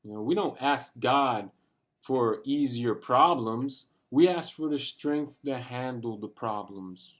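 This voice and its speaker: A man's voice: medium pitch, slow pace. A man giving a passionate, profane motivational rant full of street slang, talking straight to his viewers. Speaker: vlogger. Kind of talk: casual motivational rant to camera.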